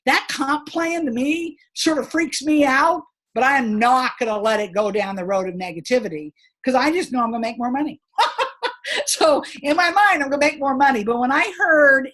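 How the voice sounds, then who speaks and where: High-pitched middle-aged woman pepping up her sales team, chatty and emphatic, laughs a lot. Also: fairly bright tone. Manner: laughs between points. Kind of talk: motivational training talk.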